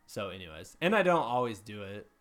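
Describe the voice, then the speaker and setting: A man's voice: lowish voice, sing-song, a little fast, a bit bright, faint music behind. A man hosting a podcast, telling rambling, self-mocking stories in a casual chat.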